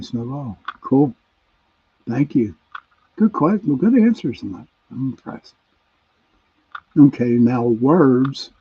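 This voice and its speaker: A man's voice: medium pitch, dark tone, slightly rough. A man with a Pittsburgh accent hosting a casual radio chat show, reading out listener answers in an easygoing way. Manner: reads out listener messages, chuckling, easygoing. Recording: dull lo-fi sound.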